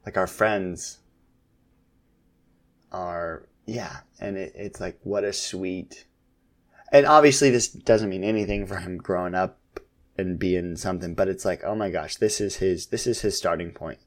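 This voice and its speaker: A man in his thirties, a podcast co-host, casually chatting about his kids in a relaxed, rambling way with lots of fillers. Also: sits low, unhurried. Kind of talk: casual chat about family.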